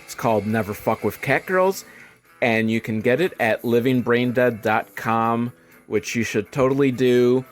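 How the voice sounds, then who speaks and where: A man hosting a comedic movie review podcast, talking in an animated way that swings from loud excited bursts to low mumbled asides. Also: measured pace, soft background music. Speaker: podcast host.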